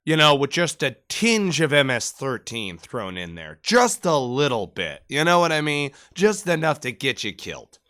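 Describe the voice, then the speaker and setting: A man's voice: mid-range voice, sing-song, moderate pace, few pauses, pushed and bright. A man in his thirties, a podcast co-host and Marine veteran, telling profane, joking stories in casual chat. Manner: profane, joking storyteller who mimics accents.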